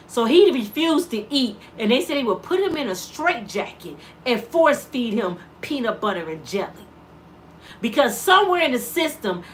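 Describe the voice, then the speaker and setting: Middle-aged woman, impassioned vlog monologue, preachy rhetorical questions, casual dialect, fairly high voice, very animated pitch. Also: a little hiss or hum. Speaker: mother of an inmate, vlogger.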